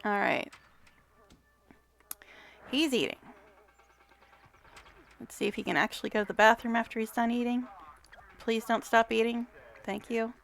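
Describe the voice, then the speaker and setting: A woman's voice: fairly high pitch, measured pace, vocal fry, pauses often. A woman giving casual gameplay commentary, chatty, talking to the game characters, swearing and laughing often. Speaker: gamer vlogger.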